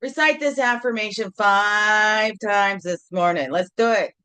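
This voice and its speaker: A woman's voice: medium pitch, unhurried, few pauses, pushed and bright, clear, resonant tone, no echo. A middle-aged woman hosting a casual morning video chat from home, playful and rambling, with sing-song bits. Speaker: host.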